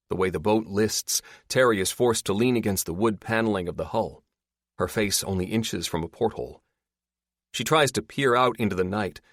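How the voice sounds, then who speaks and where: A low-pitched man delivers scripted audiobook narration in a measured, steady way, captured with clean studio sound and no echo.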